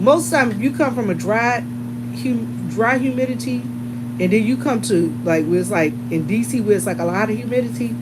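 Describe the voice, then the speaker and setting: A woman's voice: mid-range voice, heavy background noise. Chatty woman vlogger telling stories. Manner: chatty, laughs often, talks to viewers as y'all. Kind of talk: casual storytelling.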